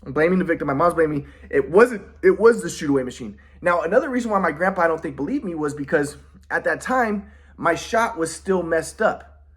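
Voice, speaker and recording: A man's voice: a little high, expressive, fairly quick. Aggrieved man in a rambling monologue. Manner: aggrieved, repetitive, restarts a lot, swears. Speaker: vlogger.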